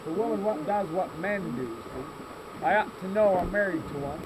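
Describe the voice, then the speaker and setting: High-voiced man spinning folksy tall tales outdoors. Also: moderate pace. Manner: deadpan exaggeration with asides to listeners. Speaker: campfire storyteller for a scout troop. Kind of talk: folksy tall-tale storytelling. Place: outdoors in a meadow. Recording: outdoor recording with loud insects and traffic.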